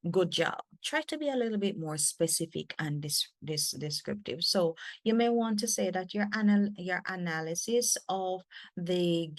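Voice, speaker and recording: Animated Jamaican woman teaching colleagues. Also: sits low, creaky, no echo. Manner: animated, emphatic, repeats words. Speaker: faculty developer. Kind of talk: teacher training session.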